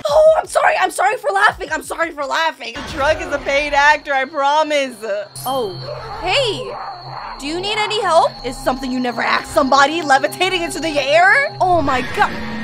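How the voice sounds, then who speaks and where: A young woman hosting a reaction video, reacting excitably to scary clips with shrieks and laughs. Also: high voice. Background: music from the clips.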